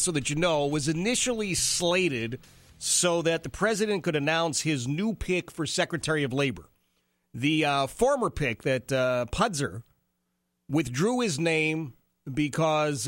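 A man hosting an opinionated talk show, giving animated, sarcastic commentary. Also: on the high side, no echo, clean studio sound. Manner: animated, sarcastic, mimics people he quotes.

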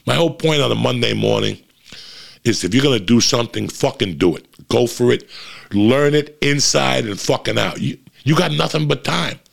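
A man's voice: medium pitch, lively intonation, moderate pace. A middle-aged man, a comedian hosting his own podcast, giving a blunt, profane motivational monologue. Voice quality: gravelly. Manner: blunt, profane, fired-up ranting.

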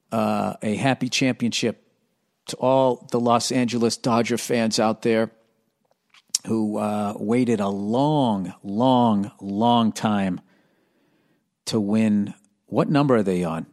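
A man with a hoarse, worn-out voice, pitched a little low, rambling through a casual podcast monologue. He keeps the energy low and jokes at his own expense, swearing freely. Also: fairly even intonation, a little slow, long pauses, darkish tone. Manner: low-energy, conversational, swearing, self-mocking. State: hoarse, strained voice. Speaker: podcast host.

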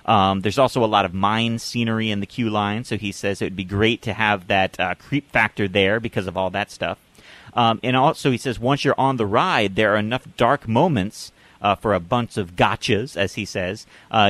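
A man's voice: on the low side, fairly even intonation, normal speed, a bit bright, no echo. A man co-hosting a casual podcast chat, upbeat and reading out listener ideas between his own thoughts. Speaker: podcast co-host.

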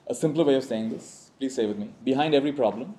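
A man giving a reflective spiritual talk to a live audience, leading call-and-response lines and often checking in with a quick "right?". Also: medium pitch, a crowd in the background. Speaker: spiritual teacher.

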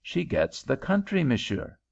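A man reads as a proud, easily offended Frenchman, his voice lifted well above a plain speaking tone and bristling with formality. The gravelly reading comes through a dull lo-fi recording. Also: on the high side, very animated, measured pace, a little mellow, voice pushed up, full character voice. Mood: knowing. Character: indignant patriotic middle-aged Frenchman.

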